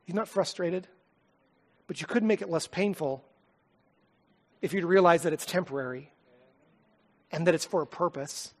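A man preaching a sermon, telling a personal story in an earnest, heartfelt way and often dropping to a soft, quiet voice. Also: on the high side, normal speed, long pauses. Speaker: pastor.

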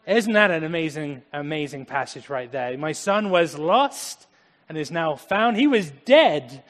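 A man preaching a sermon, dramatic, swinging from loud emphasis to hushed tones. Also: on the high side, lively intonation, a little slow. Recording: echoey hall.

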